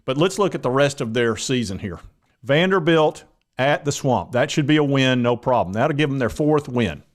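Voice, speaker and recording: A man's voice: mid-range voice, expressive, normal speed. Rambling man talking college football. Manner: rambling, conversational, many fillers. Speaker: sports talk channel host. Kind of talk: casual sports commentary.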